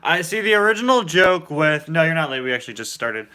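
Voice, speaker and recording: A young man hosting a casual chat, enthusiastic and quick to laugh. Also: on the high side, big pitch swings, sharp tone. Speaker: host.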